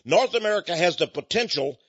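An older man with a Texan accent, hosting a folksy, emphatic monologue that rises to loud peaks. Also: high voice, lively intonation, fairly quick, breathy edge, dry recording. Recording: dull lo-fi recording.

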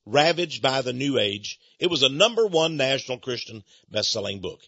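A man with a Texan accent hosting religious radio talk, booming and prone to impassioned rants. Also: gravelly, fairly bright tone, slightly rough, no echo. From Texas. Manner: booming, gets carried away into impassioned rants. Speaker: radio host. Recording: dull lo-fi radio broadcast.

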